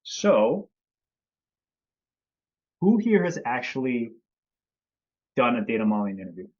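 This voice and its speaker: A man's voice: medium pitch, big pitch swings, a little slow, a little mellow. A man hosting a casual live-stream lesson, greeting viewers by name over a video call. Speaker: host and company CEO. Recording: slightly dull video-call audio.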